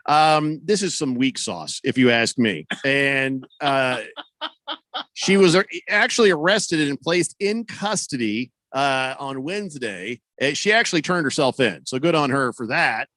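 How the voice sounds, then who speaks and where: Lively, joking sports radio host, a man. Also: medium pitch, a little slow, dry recording. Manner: rambling, joking, many fillers. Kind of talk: casual radio talk.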